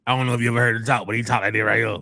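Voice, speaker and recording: A man's voice: medium pitch, little pitch movement, very fast, gravelly, sharp tone, no room sound. A man co-hosting a casual talk show, asking questions and musing aloud in a laid-back way. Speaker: podcast co-host.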